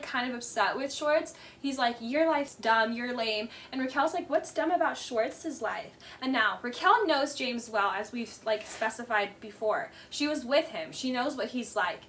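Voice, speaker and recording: A woman's voice: on the high side, measured pace, a bit bright, slight background noise. A woman giving blunt, sarcastic casual commentary on a reality show and mimicking the people in it. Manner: blunt, sarcastic, mocking impressions.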